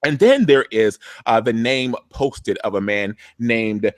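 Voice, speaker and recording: A man hosting a live TV recap show, talking fast and acting out scenes in funny voices. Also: mid-range voice, no room sound. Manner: animated, acts out scenes in voices.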